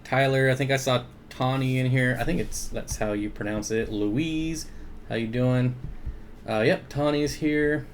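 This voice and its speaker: A man's voice: medium pitch, a little slow, a little hiss or hum. A man hosting an aquarium livestream in easygoing, casual chat. He reads viewer comments aloud, greets people by name and chuckles often.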